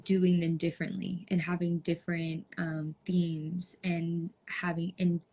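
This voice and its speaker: A woman's voice: lowish voice, level tone, a little slow, warm tone. A young woman hosting a podcast, chatting casually and rambling with many "like" fillers. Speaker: podcast host.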